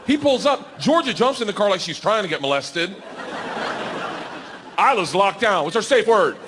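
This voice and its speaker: A man doing a loud, excitable stand-up comedy set on stage, his storytelling often rising toward a shout. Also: high voice, moderate pace. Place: comedy stage before a laughing audience. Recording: live show with loud crowd laughter and noise. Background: crowd laughter.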